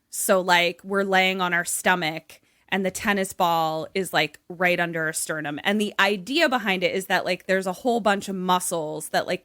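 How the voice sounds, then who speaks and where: A woman's voice: fairly low pitch, fairly bright tone, dry recording. Chatty young woman, dry close sound. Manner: chatty, laughing, frequent "like" fillers. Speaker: podcast co-host. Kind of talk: casual chat.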